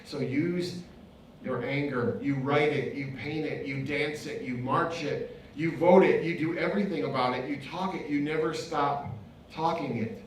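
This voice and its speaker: Man, inspirational speech, somewhat high voice, very echoey hall, far from mic. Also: measured pace, a little hiss or hum. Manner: impassioned, rhythmic repetition. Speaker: pastor and author giving a talk. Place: event venue.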